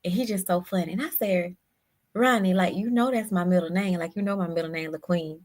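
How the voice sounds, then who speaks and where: A woman guest telling a personal story in a halting, emotional way, often repeating her words. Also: on the low side, fairly even intonation, a little mellow. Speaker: podcast guest.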